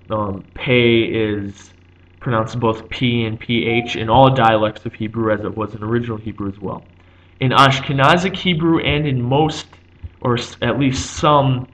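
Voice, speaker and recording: A man's voice: medium pitch, fairly bright tone, low-quality recording. A man giving an unscripted explanation like a teacher. He thinks aloud, with frequent ums and restarts.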